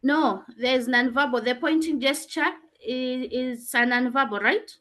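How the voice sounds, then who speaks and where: A woman's voice: high-pitched, a little slow, sharp tone. A woman teacher explaining answers and calling on students in an online revision class over a video call.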